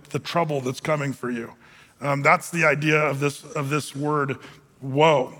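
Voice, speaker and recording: A man's voice: on the high side, sharp tone, in a large hall. A man who is a pastor, preaching a verse-by-verse sermon in a conversational, joking way with many fillers.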